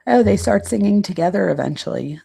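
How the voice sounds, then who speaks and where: A woman with a gravelly, creaky voice casually reads quotes aloud and comments on them. She hosts a true crime channel and stops now and then to look through her notes. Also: medium pitch, lively intonation, fairly quick, dark tone.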